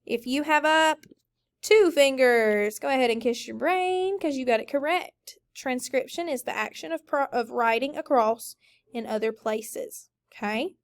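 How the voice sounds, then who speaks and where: A woman teacher leading a recorded phonics lesson, slowly modeling and stretching out each word for students. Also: high-pitched. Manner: slow, drawn-out modeling of words.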